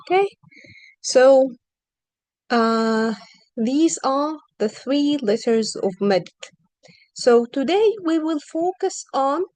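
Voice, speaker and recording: Woman, teacher, higher voice, patient, drawn-out example sounds, online lesson. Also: darkish tone, no echo, rough recording. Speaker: Arabic reading teacher.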